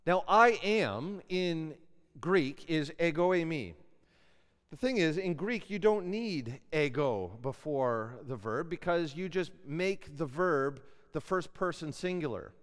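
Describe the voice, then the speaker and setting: A man's voice: on the high side, lively intonation, slow, clean tone. A man giving a classroom Bible lecture in a conversational way, putting questions to his students. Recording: long hall reverb.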